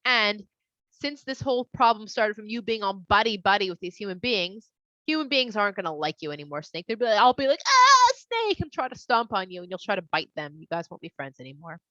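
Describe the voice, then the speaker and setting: A woman's voice: medium pitch, fast talker, dry recording, highs cut off, close to an everyday voice. Woman voicing a patient, lecturing God. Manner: calm, explaining, casual slang.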